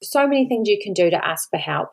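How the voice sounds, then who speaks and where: Earnest Australian mum with a gravelly edge. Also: female voice, mid-range voice, animated, quick pace. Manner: earnest, pleading, repeats words for emphasis. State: emotional, near tears. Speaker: podcast host. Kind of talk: solo podcast talk.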